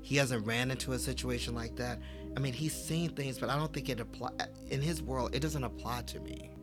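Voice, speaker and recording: A man in his forties, a podcast guest, telling personal stories in casual conversation and acting out the dialogue with lively fillers. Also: mid-range voice, fairly quick, music in the background. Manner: animated, acts out quoted dialogue with fillers.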